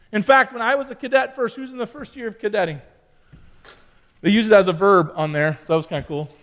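A man's voice: very high voice, fairly bright tone. A middle-aged man preaching to young cadets, telling a personal story with chatty asides to the audience. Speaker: youth pastor. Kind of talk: sermon to youth cadets.

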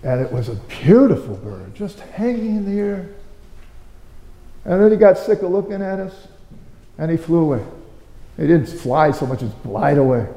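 A man's voice: high-pitched, dark tone. A man preaching a conversational, story-driven sermon, firing off rhetorical questions with sudden emphatic bursts. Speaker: pastor. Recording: roomy with long hall reverb.

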